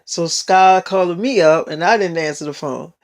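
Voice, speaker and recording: A man's voice: a little high, normal speed. A teenage boy telling a rambling story in a casual vlog, full of swearing and fillers. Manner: rambling and heavily profane.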